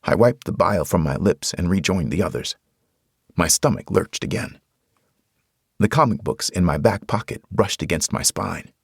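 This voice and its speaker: A man's voice: low voice, expressive, normal speed, creaky, slightly rough, no echo, studio quality. A man narrating a horror audiobook in the first person, with dramatic storytelling.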